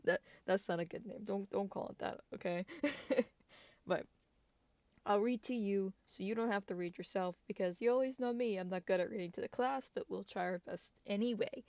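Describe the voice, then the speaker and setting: A woman's voice: mid-range voice, brisk, gravelly, darkish tone, no echo. A woman with a cold hosts a casual gaming news video, her voice stuffy and congested. She rambles, restarts her sentences and giggles often. The recording is dry and a bit dull, like a cheap home mic. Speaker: gaming channel host.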